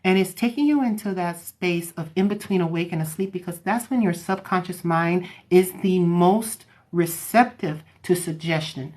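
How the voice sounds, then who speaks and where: A woman hypnotherapist chatting casually with her viewers, explaining how she works. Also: on the low side. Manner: chatty, loose, talks straight to viewers; slows down and softens her voice when demonstrating.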